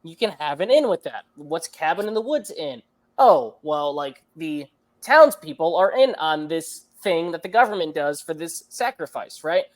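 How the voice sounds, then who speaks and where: Co-hosting a film review podcast, this man rambles along at normal speed, his slightly high voice expressive. Fillers and false starts crop up constantly in his casual talk.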